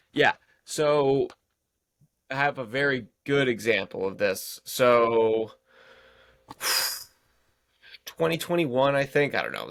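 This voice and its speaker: A man's voice: mid-range voice, fairly bright tone, dry recording, studio quality. Rambling thirtysomething man telling stories. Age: 30s. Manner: rambling, self-deprecating anecdotes. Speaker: golf pro guest. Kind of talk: casual podcast storytelling.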